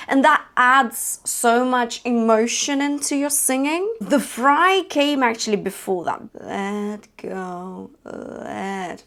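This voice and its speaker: A woman's voice: fairly high pitch, fairly bright tone. A woman giving an online singing lesson. She explains techniques and breaks into short sung demonstrations, often checking in with a questioning "yeah?". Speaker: singing teacher.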